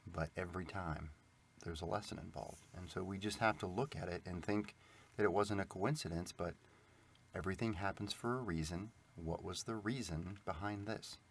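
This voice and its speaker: Male co-host, calm and reflective, lowish voice, faint background hiss. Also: moderate pace. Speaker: podcast co-host. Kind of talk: reflective faith podcast talk.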